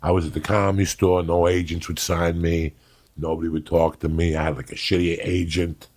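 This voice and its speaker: A man's voice: sits low, little pitch movement, a little fast, darkish tone. A man, a comedian and actor, telling blunt, profane stories in a casual chat. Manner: blunt, swears freely.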